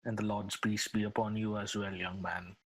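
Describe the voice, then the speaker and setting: A solemn wandering holy man who speaks in formal blessings, as a player voices him. His voice sits low with a flat, even pitch, steady and measured.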